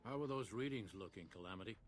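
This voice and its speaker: An actor playing a calm, methodical male scientist in a video game, speaking in a measured, clinical way. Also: fairly low pitch, natural voice.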